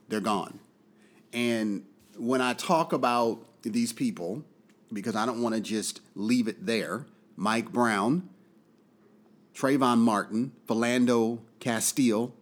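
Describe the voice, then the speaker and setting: A furious American man speaks straight into the mic in a long commentary monologue. His voice sits at a middling male pitch, dips down into low, quiet stretches, then bursts back up loud and insistent. He repeats lines for emphasis. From United States. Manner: angry, emphatic, repeats points for force; swings between loud outbursts and low, quiet drops. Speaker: political commentator.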